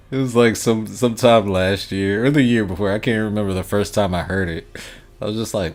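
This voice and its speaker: Male streamer, deep and unhurried, laid-back rambling chat with frequent chuckles. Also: a little mellow. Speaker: gaming livestreamer. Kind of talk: casual chat reading out viewer comments.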